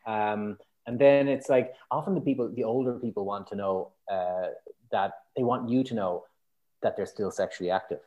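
A man's voice: on the low side, normal speed, muffled recording. A man with an Irish accent, a matchmaker guest on a podcast, telling candid stories and acting out his clients' lines. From Ireland. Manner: animated storyteller, acts out clients' lines. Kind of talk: candid conversational interview.

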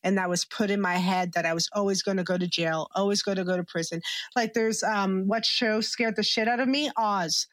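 A woman's voice: medium pitch, steady tone, fairly quick, fairly bright tone, dry recording. Candid woman with many fillers. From Canada. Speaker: comedian guest. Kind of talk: casual interview chat.

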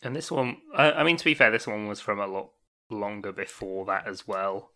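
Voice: low voice, fairly even intonation, normal speed, pushed and bright. A podcast co-host chatting eagerly about a film, laughing a lot. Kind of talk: casual film chat.

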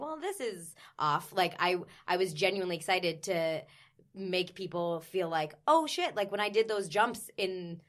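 A young woman with a slightly low voice, talking on a casual podcast as a personal trainer. She is chatty and enthusiastic, using plenty of fillers. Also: fairly bright tone. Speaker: personal trainer and former performer.

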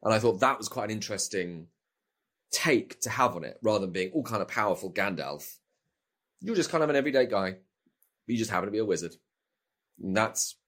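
A man's voice: lowish voice, a bit bright. A middle-aged man with a British accent, chatting as an interview guest, rambling and often repeating words as he restarts thoughts. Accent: British English. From Britain. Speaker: actor guest. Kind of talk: casual interview chat.

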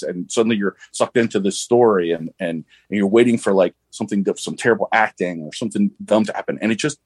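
A man guesting on a podcast, talking about a film with halting enthusiasm in casual chat. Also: lowish voice, a little mellow, husky, no room sound. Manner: enthusiastic, halting, many restarts.

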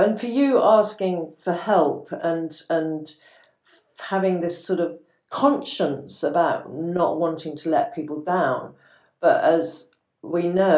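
A host in a conversational interview, heard in a roomy, echoey space at a middle pitch. The host offers short affirmations and gentle follow-up questions. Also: takes it slowly. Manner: supportive, brief affirmations.

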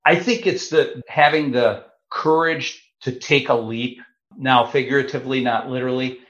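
This man in his fifties tells his story in an animated, chatty way, stopping for the odd filler as he goes. The recording is roomy and somewhat dull, as though taken in an open room with a lo-fi mic. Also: medium pitch, normal speed. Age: 50s. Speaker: guest. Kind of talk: casual storytelling. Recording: roomy, slightly dull sound.

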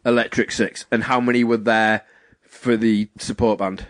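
A young man telling a story in casual chat, acting out what people said with lively quoted voices. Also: on the low side, moderate pace, dry recording. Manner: animated, acts out quotes in voices.

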